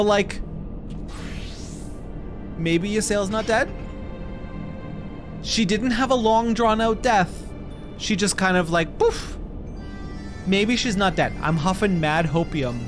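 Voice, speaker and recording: A young man streaming a game, reacting loudly, swearing and joking with chat. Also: sits high, slow, pauses often. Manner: animated, swearing, loud reactions. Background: music.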